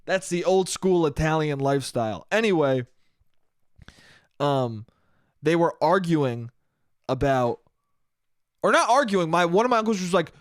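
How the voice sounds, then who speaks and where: A man's voice: fairly high pitch, expressive, a little slow, long pauses, no echo, clean studio sound. A young man hosting a casual solo podcast, rambling and swearing, slangy with "dude" and "bro". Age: young adult. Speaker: podcast host.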